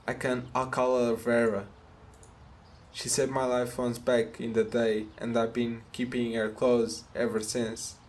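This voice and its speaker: A man voicing a gruff, protective mobster who scolds bluntly and swears while reading game dialogue aloud. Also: medium pitch, level tone, a little slow, darkish tone, lightly acted. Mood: boastful.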